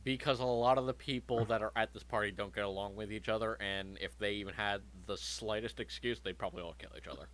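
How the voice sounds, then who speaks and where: Foul-mouthed guy running a tabletop game, kinda low voice, laid-back jokey. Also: fairly even intonation, fast talker, hardly any pauses, fairly bright tone, slight background noise. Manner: crude, joking, swears freely. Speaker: game master.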